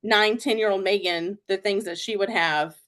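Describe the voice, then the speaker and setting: A woman's voice: medium pitch, moderate pace, a bit bright. A young adult woman hosting a podcast, chatting casually in a rambling way with lots of fillers and giggles. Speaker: podcast host. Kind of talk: casual chat.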